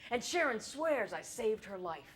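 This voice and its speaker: A woman's voice: on the high side, big pitch swings. A middle-aged woman performing an autobiographical stage monologue, telling her story with wry, irreverent humor and crude asides, and briefly acting out her own past voice. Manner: acts out her own past voice in quick bursts. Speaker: solo show performer. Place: theater stage.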